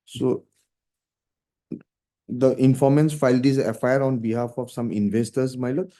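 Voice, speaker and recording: A man's voice: mid-range voice, fairly even intonation, moderate pace, dark tone. A man arguing a case before a judge in a formal, deferential manner, reading documents aloud. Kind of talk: courtroom argument.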